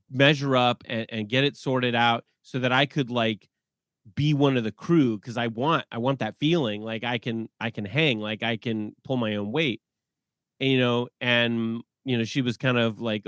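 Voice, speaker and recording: A man in his forties, a podcast guest telling stories in an animated way and laughing often. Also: mid-range voice, smooth, no room sound, studio quality. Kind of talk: casual podcast conversation.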